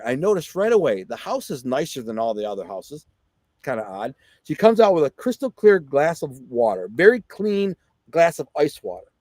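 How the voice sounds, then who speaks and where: There's no room sound as this high-ish male voice, a middle-aged podcast guest from Detroit, USA, spins a lively story. He gets excited, performs the quotes, and keeps it conversational with plenty of fillers and "right?"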